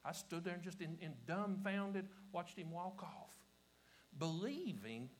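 Appalachian preacher swinging loud to whispers. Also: male voice, high voice, lively intonation, a little slow, a little hiss or hum, low-quality recording. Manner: swings from shouting to hushed whispers, repeats phrases. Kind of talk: revival sermon. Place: church service before a congregation.

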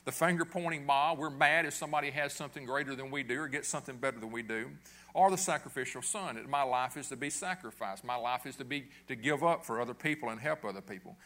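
A man's voice: mid-range voice, fast, bright, forceful tone. A middle-aged pastor preaching a sermon in a conversational way, asking his listeners questions and checking in with "okay?".

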